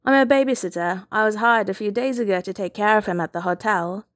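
A woman putting on a frazzled young babysitter with a Midwestern accent, talking quickly and apologizing as she rushes. The voice is pitched a little higher than the reader's own. Dry, close recording for a storybook reading. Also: no room sound, lightly acted. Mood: hurried, apologetic.

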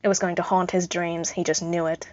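Brief: woman narrator, wry and dry, lowish voice, close dry lo-fi recording. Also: flat delivery, fairly quick, a little mellow, no echo. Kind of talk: audiobook reading of fan fiction. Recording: dull lo-fi recording.

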